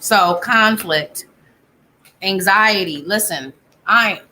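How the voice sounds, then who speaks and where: A woman with a bright, forward voice gives a live tarot reading from her home. She talks casually, thinking aloud and breaking off mid-sentence. A faint hiss of background noise sits under the recording. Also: medium pitch, extremely slow. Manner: chatty, thinks aloud, self-interrupting. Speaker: psychic tarot reader.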